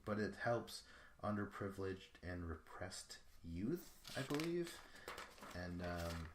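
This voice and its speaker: A man's voice: sits low, animated, a little slow, echoey room, a little hiss or hum. A man hosting a podcast alone, recapping in a casual, rambling way that is full of profanity. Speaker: podcast host. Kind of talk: solo show recap.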